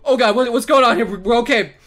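A man giving excitable let's play commentary, laughing and swearing through his reactions. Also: extremely high pitch, quick pace. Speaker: gaming channel host.

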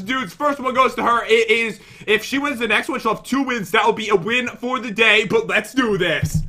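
A young man co-hosting casual game commentary, excitable and quick to laugh or yelp when things go wrong. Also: very high-pitched. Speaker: gaming channel co-host.

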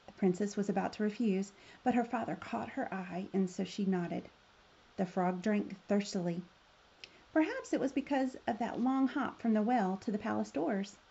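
A woman reading a children's fairy tale aloud in a gentle, expressive way. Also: medium pitch, moderate pace, gravelly, husky, lo-fi sound. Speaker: storyteller.

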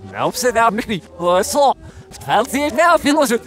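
Guy yelling callouts while gaming, high voice, swings up and down a lot. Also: big pitch swings, normal speed, faint music behind. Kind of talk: excited gaming chatter.

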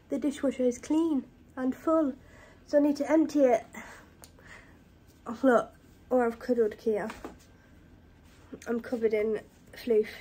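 A woman's voice: a little high, husky. Breathless British woman vlogging at home. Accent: British English. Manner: chatty, talks to pets in baby voice. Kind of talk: casual home vlog chat. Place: home kitchen. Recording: noisy home recording. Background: washing machine and tumble dryer running.

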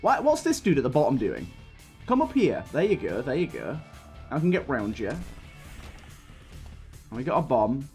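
This young gaming host has a mid-range, darkish voice whose pitch swoops wildly; he speaks at normal speed with long pauses. Over faint game music, he rambles through a childhood story, interrupted by frustrated outbursts at his run.

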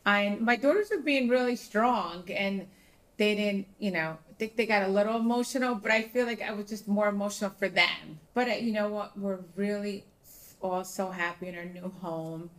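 A woman's voice: medium pitch, normal speed, low-quality recording. A woman chatting on an after-show, effusive and emotional, with many fillers. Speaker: reality show cast member. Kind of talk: casual after-show chat.

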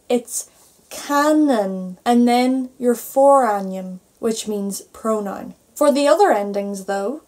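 A young Irish woman with an Irish accent giving a patient language lesson, spelling endings out letter by letter. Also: a little high. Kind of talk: online grammar lesson.

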